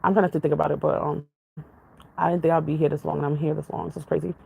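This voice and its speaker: Woman vlogger, gravelly fry in her voice, dry close sound, chatty and rambling. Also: deep voice, flat delivery, racing, darkish tone, no echo, rough recording. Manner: jumps from topic to topic, chatty, laughs often. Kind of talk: casual rambling chat to viewers.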